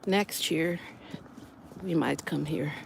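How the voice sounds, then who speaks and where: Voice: medium pitch, takes it slowly, vocal fry. A middle-aged vlogger chatting reflectively while walking outdoors, recorded on a phone. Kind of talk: casual walking vlog. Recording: noisy outdoor recording with passing vehicles.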